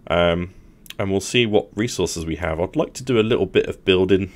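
A man's voice: low-pitched, moderate pace. A man hosting a gaming channel, thinking aloud in casual commentary as he plans his moves.

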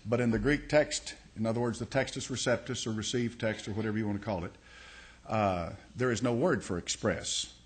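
Folksy pastor teaching a sermon. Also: male voice, on the low side, fairly quick, a little hiss or hum. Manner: folksy, explains step by step, many restarts and uh.

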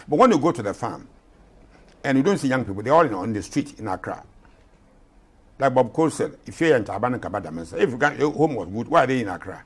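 An elderly man in his eighties, from Ghana, speaks in an impassioned, emphatic way, often repeating his points. His voice is husky and slightly rough. His pitch swings widely between high and low as he argues. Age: 80s. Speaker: retired general, guest. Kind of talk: interview.

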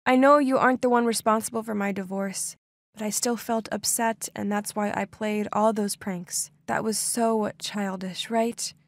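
A woman voicing a young stepsister who once played pranks, speaking more softly than in her narration. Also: a little high, fairly quick, few pauses, no room sound, clean studio sound, lightly acted. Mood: apologetic.

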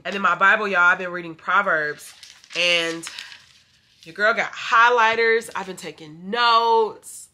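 A woman's voice: mid-range voice, fairly even intonation, a little slow, pushed and bright. A young adult woman chatting casually to her viewers about faith and her plans, calling them "y'all" and sounding a little stuffy from allergies. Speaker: vlogger. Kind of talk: casual faith vlog chat.

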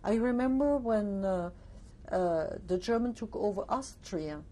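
An older woman from Alsace, giving a reflective testimony interview, pausing often with "uh" and "you see". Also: medium pitch, lively intonation, warm tone. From Alsace, France.

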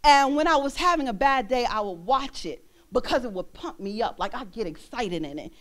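A young woman minister preaching a sermon in a church, animated, laughing often and breaking into song. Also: fairly high pitch, normal speed.

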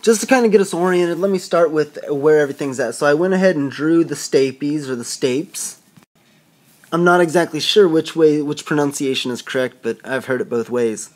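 A man's voice: on the high side, fast, hardly any pauses. Casual self-correcting male anatomy instructor. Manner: informal, self-correcting, thinking aloud. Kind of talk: casual drawing-board lecture.

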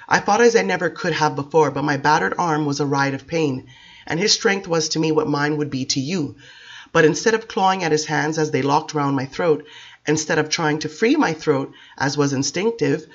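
A man reads a dark novel in the first person, telling it with drama and intensity. His voice sits fairly high for a man. The recording sounds dull and lo-fi. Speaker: audiobook reader.

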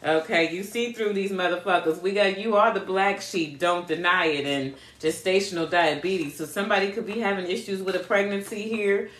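A woman's voice: medium pitch, moderate pace, hardly any pauses, fairly bright tone, roomy sound. Blunt laughing woman reading cards. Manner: blunt, profane, laughs a lot; chats with viewers. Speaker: spiritual card reader. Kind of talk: casual live card reading.

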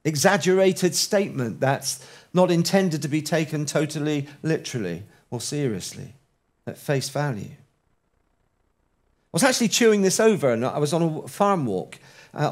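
A man preaches a sermon, his voice sitting a touch high for a man. He talks in a lively, conversational way and leans on rhetorical questions.

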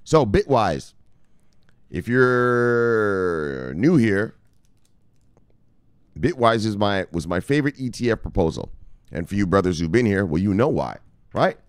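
A man's voice: lowish voice, animated, a little slow, pauses often, clear, resonant tone, no room sound, clean studio sound. A man hosting a crypto news show, talking casually with lots of swearing, laughter and playful asides. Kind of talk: casual profane news commentary.

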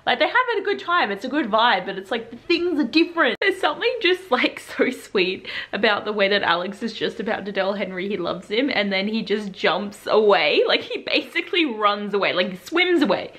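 A young woman chatting in a casual reaction vlog at home, full of "like" fillers and excited asides. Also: mid-range voice, normal speed, few pauses. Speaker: book vlogger. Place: at home in pajamas.

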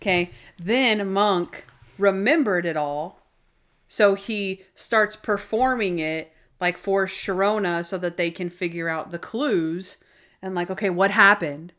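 A woman co-hosting a laid-back podcast with a mid-range voice. She recounts a favorite episode beat by beat, piling on "like" and laughing as she goes. Her delivery is excited, chatty and fan-like. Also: medium pitch, takes it slowly. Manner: excited scene-by-scene retelling, lots of "like"; breaks into laughter while recounting. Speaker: podcast co-host. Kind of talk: casual podcast chat.

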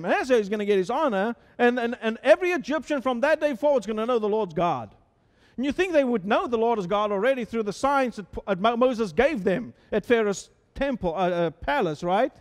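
Preaching in a church sanctuary, this high-voiced pastor delivers his sermon in a conversational way, tripping over repeated words and posing rhetorical questions. Now and then he lowers to a hushed tone, and the hall's long reverb rings around him.

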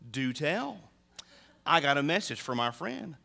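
A man's voice: a little high, sing-song, normal speed, vocal fry, sharp tone. A middle-aged male pastor preaching a sermon in a church, telling stories with humor and animation. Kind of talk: sermon with storytelling. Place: church sanctuary. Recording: long reverb in a large hall.

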